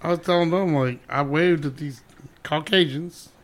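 A man's voice: a little high, moderate pace, very noisy. A man co-hosting a casual podcast, bringing up a topic in a laid-back, rambling, slightly indignant way. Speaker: podcast co-host. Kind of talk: casual chat.

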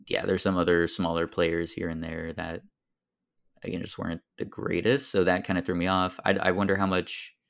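A man with a deep, gravelly voice talks through a film on a podcast. He pauses often and fills gaps with "um" and "like" as he works out his thoughts. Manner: thoughtful, hesitant, many fillers. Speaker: podcast co-host. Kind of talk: casual film discussion.

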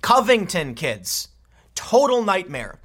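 Bright, animated male commentator. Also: high voice, husky. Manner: exasperated, sarcastic, fast asides. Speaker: political commentator. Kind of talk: opinionated news commentary.

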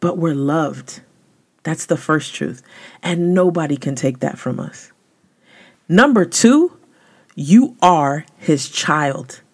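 A woman's voice: expressive, takes it slowly, long pauses, husky. A woman host giving a devotional talk in a casual, slangy, emphatic way, her voice rising sharply on key words. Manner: emphatic, conversational, slangy, with sudden rises in pitch. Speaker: podcast host.

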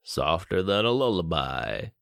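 A man's voice: fairly high pitch, expressive, vocal fry, bright, forceful tone, dry recording, studio quality, voice pushed up, exaggerated voice. A man doing a dazed stoned guy, drawling. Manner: slow dreamy drawl.

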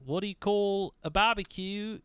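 A loud, jokey Aussie bloke with a mock Australian accent, as a man puts him on. The voice is smooth and clear, pitched up and playful. The sound is dry and close. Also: normal speed, no echo. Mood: joking. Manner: playful, exaggerated, high and loud.

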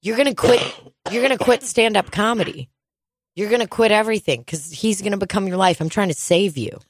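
A woman telling stories in casual chat, animated and swearing freely, often mimicking other people in a gruff low voice. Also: fairly quick, dry recording, clean studio sound.

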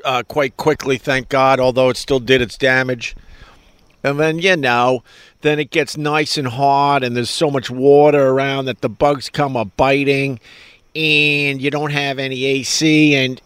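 A man's voice: mid-range voice, level tone, measured pace, a bit bright, smooth, no room sound. A middle-aged man hosting a livestream, chatting casually and greeting viewers by name. He rambles, swears freely and makes fun of himself. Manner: loose, profane, self-mocking, greets viewers by name. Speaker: livestream host reading viewer chat.

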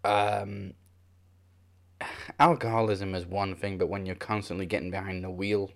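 A man's voice: low voice, flat delivery, moderate pace, vocal fry. A man on a casual podcast, laid-back and joking. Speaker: podcast co-host.

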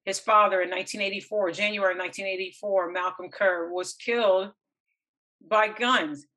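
A woman podcast host speaks earnestly and with deep feeling. Her voice is bright and forceful, at a middling pitch. She halts often, repeating words as she works through her thoughts. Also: steady tone, low-quality recording. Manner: earnest, impassioned, halting with repeated restarts. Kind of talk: emotional solo commentary.

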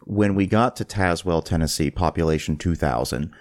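Male host, casual storyteller, lower register, stumbles and restarts. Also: brisk. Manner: animated, restarts phrases. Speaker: podcast host.

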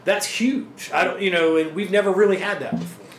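A man's voice: high voice, a little fast, faint music behind. A man hosting a casual sports podcast interview, talkative and agreeable, filling his speech with "you know". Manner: talkative, agreeable, frequent fillers. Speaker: podcast host. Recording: echoey room with faint background noise.

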